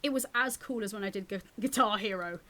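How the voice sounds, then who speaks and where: A woman actress and voice actor, a guest on a radio arts show, telling lively stories about her work. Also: mid-range voice, brisk. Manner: lively storyteller, acts out quoted voices. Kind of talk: radio interview chat.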